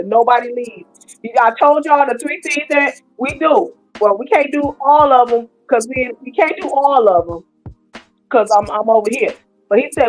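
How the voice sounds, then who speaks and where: Middle-aged woman, high voice, live-stream host talking to her chat, faint music under her. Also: rough recording. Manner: animated, talks to her viewers. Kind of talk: casual live-stream commentary.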